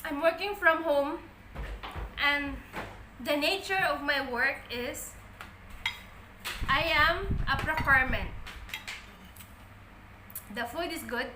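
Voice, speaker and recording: A woman's voice: sits high, takes it slowly, long pauses, background noise. A woman from the Philippines, chatting casually to camera for her home mukbang vlog in simple, plain-spoken phrasing. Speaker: family vlogger. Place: noisy family home. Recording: echoey room at home. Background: cutlery and dish clatter.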